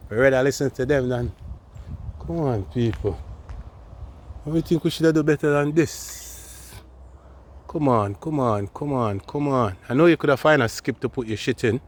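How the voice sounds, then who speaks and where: A man's voice: medium pitch, normal speed, pauses often, slight background noise. A man vlogging casually on an evening walk outdoors, chatting to his viewers as he goes. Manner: laid-back, talks to viewers while walking. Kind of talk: casual walking vlog.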